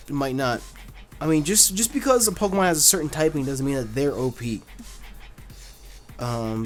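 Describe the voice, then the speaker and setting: A man hosting a casual gaming channel, answering viewer questions in a laid-back, blunt way with lots of fillers. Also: a little high. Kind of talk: casual Q&A chat.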